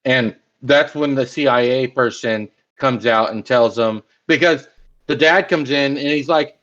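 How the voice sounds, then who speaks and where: A man's voice: mid-range voice, measured pace, a bit bright. A man, co-hosting a podcast and retelling movie scenes in casual chat. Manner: retells scenes, acting out quotes. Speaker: podcast co-host. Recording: dull lo-fi sound.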